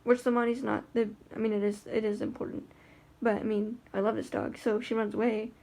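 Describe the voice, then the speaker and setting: A woman's voice: on the high side, level tone, fairly quick, gravelly, warm tone. A woman talking in a casual vlog about life with her guide dog, chatty and rambling with lots of fillers and restarts.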